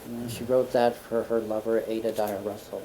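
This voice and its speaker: A man guest on a community talk show, telling anecdotes in a playful, animated way. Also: fairly low pitch, moderate pace, a little hiss or hum, low-quality recording. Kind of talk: storytelling on a local talk show. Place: community studio.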